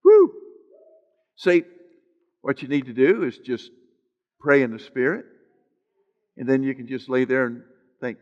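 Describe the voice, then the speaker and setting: A man's voice: medium pitch, expressive, a little slow, pauses often, dull audio. A man preaching a sermon as pastor, stretching out scripture phrases for emphasis and slipping in joking asides to the congregation. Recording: long hall reverb.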